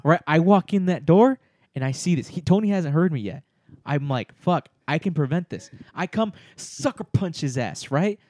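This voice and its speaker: Male co-host, lively swearing storyteller, fairly high pitch, dry mic. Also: moderate pace, dry recording. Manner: animated, swears freely, acts out voices in stories. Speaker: podcast co-host. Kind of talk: casual chat, storytelling.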